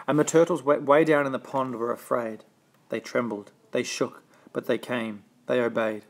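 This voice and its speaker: A man's voice: mid-range voice, fairly even intonation, moderate pace. A man reading a rhyming children's storybook aloud with a rhythmic, sing-song delivery.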